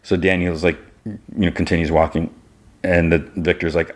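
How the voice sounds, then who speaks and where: A man with a low voice hosts a podcast and recaps an episode casually. He rambles and fills his talk with loose asides. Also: level tone, moderate pace. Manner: rambling, loose, full of fillers. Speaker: podcast host.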